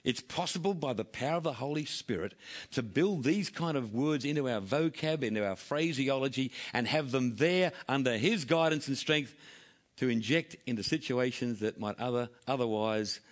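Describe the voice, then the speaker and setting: A man pastor delivering a sermon, moving from loud, emphatic scripture readings to quiet, hushed asides. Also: medium pitch.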